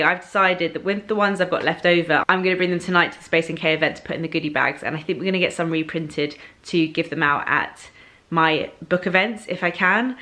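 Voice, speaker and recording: A chatty young woman talks casually straight to her camera, her voice sitting slightly low. She rambles cheerfully with plenty of fillers, recorded close on a handheld camera. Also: a bit bright, poor audio. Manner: chatty, bubbly, lots of fillers. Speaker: vlogger. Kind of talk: casual vlog chat. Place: at home, then out in town.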